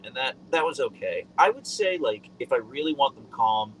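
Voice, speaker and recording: A man hosting a casual live stream, rambling in a friendly way with lots of fillers, speaking into a boom mic. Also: moderate pace, slight background noise, poor audio. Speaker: livestream host.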